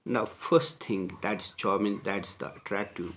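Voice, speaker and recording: Low-voiced teacher. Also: male voice, unhurried, a little hiss or hum. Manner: repetitive, paraphrasing, frequent hesitations. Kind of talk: explaining a textbook lesson.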